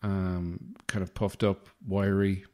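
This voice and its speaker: Hosting his podcast, an Irishman wanders through a wry, self-mocking comic monologue. His warm, low voice moves slowly and shows little change in pitch.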